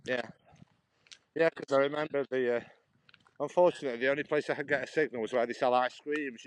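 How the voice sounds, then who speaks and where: A man's voice: mid-range voice, steady tone, brisk, long pauses, no room sound. Chatty man walking by a canal. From Stoke-on-Trent, England. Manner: chatty, rambling, laughs often, answers viewer comments. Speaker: livestream walker. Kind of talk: casual live-stream chat while walking. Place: outdoors by a canal on a walk. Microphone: phone held while walking.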